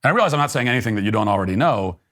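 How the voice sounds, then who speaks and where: A middle-aged man hosting a political talk show, delivering a sarcastic monologue in a deadpan, mock-earnest manner. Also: on the low side, rapid-fire.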